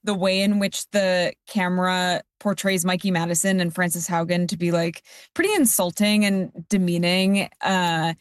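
A woman giving a measured, critical film review on a discussion panel, with dry asides. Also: lowish voice, steady tone, dry recording.

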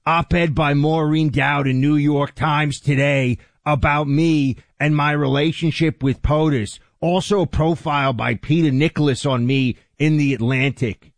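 Male radio co-host, higher voice, indignant ranting delivery, dry close mic. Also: steady tone, unhurried, no room sound. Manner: indignant, rising to shouts. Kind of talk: political talk radio commentary.

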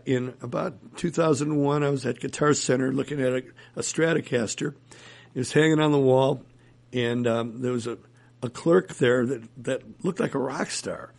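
A man's voice: medium pitch, fairly even intonation, normal speed, creaky. A man, a musician guest in an interview, telling rambling anecdotes and chuckling often. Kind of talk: casual interview storytelling.

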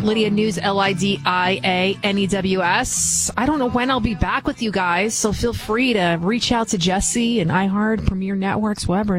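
A woman's voice: medium pitch, poor audio. A woman with a Bronx New York accent hosting a talk radio show, chatty and emphatic, often restarting her sentences. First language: not English. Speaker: guest radio host.

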